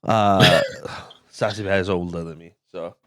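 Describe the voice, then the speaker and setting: A young man hosts a film podcast with a lowish voice, rambling and stumbling over his words as he swears casually. The sound is dry and close, with no room around it. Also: steady tone, measured pace, no echo. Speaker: podcast host.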